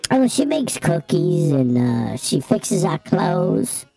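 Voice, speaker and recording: A woman playing a small gravelly elf. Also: deep voice, big pitch swings, slow, mellow, faint music behind, heavily acted. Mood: easygoing. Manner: loose broken grammar, casual slang. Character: small male elf from the North Pole, laid-back. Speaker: guest in character. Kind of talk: improvised comedy role-play.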